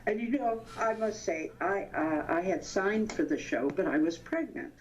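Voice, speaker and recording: A woman in her eighties, a veteran actress, reminiscing in an interview as an animated storyteller who laughs often and stops to search for names. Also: medium pitch, moderate pace, slight background noise. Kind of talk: anecdotal reminiscing. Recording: dull lo-fi sound.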